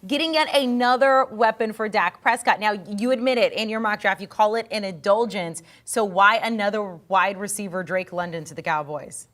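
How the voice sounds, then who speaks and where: A woman's voice: mid-range voice, normal speed, hardly any pauses, fairly bright tone. A woman hosting a sports show, asking upbeat, teasing questions on a studio mic. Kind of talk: sports interview chat.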